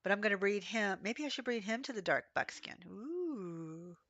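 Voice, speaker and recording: A hoarse woman with a cough chats her way through a gameplay stream, rambling from one story to the next. Her voice is bright and a little sharp even through the sickness, and the sound is close and dry, with no room around it. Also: medium pitch, moderate pace, no echo, highs cut off. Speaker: game streamer. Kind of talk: casual livestream chat while playing.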